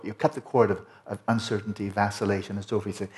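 A man teaching a Buddhist Dharma talk, explaining slowly and lingering over Tibetan and Sanskrit terms. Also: fairly low pitch, steady tone. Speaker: meditation teacher.

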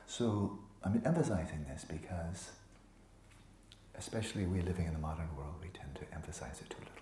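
A man teaching meditation to a retreat group, relaxed and playful, often sinking into a soft whisper and teasing students by name. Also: sits low, a little fast, a little hiss or hum. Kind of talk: dharma talk to a retreat group. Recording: echoey room with faint ambience.

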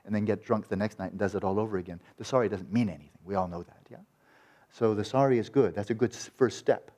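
A man's voice: fairly low pitch, quick pace, warm tone. A man teaching meditation in a conversational dharma talk, acting out quoted voices and often restarting his sentences.

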